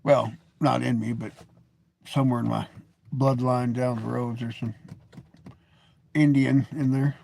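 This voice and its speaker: A man's voice: medium pitch, flat delivery, a little slow, vocal fry, long pauses, dark tone, a little hiss or hum. An American man in his forties, talking to camera in a rambling, jokey and blunt monologue as a vlogger. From United States. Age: 40s. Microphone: webcam or phone camera, seated.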